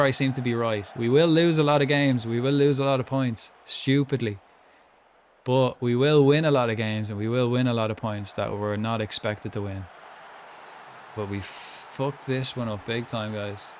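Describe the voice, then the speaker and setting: A man's voice: medium pitch, normal speed, slight background noise. A young man chatting casually while commentating his own football management game, rambling with lots of asides. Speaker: gaming streamer.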